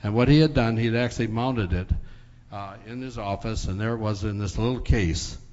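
Male preacher, folksy storytelling sermon, filler pauses; dull, hall-echoing sound. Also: lowish voice, a little mellow. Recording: dull recording in a large hall.

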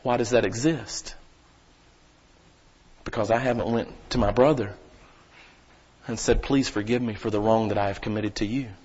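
A man preaching a sermon as pastor, folksy and talking straight to the congregation, his voice swelling at times into near-shouting. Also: fairly low pitch, steady tone, normal speed, long pauses, slightly rough, muffled recording. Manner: preaching with sudden rises to shouting; folksy, addresses the congregation directly.

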